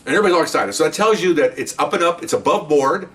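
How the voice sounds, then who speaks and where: A middle-aged man and former police detective telling stories from the job in a casual, animated way. He often acts out what people said and keeps checking in with "okay?". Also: a little high, racing, recorded from a distance. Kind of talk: casual storytelling podcast.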